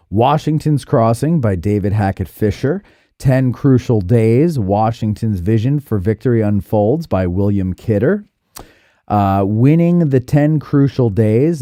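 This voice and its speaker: Animated man telling a story. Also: lowish voice, dry recording, clean studio sound. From New Jersey. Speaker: podcast host. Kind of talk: casual chat.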